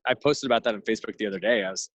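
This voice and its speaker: A man's voice: on the low side, rapid-fire, fairly bright tone, no room sound, poor audio. A man in his thirties, a podcast guest, talking earnestly and reflectively in long thoughtful runs. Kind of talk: casual conversational interview.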